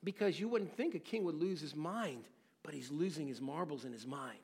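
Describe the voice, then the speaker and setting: A man preaching an expository sermon, dramatic and questioning, swinging between loud exclamations and near-hushed phrases. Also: fairly high pitch, normal speed, creaky, slightly rough, long reverb tail. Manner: asks the listeners rhetorical questions. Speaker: pastor.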